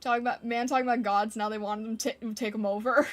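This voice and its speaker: A woman with a fairly high voice, chatting on a live stream and answering her viewers' comments in a playful, giggly way. Soft music plays quietly behind her. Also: steady tone, fast. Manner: playful, giggly, reacting to chat. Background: faint background music.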